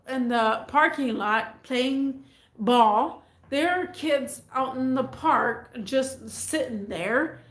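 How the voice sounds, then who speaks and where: A woman's voice: high-pitched, fairly bright tone. A woman telling a casual storytime vlog, rambling and repeating herself as she goes, in an echoey room. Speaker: vlogger.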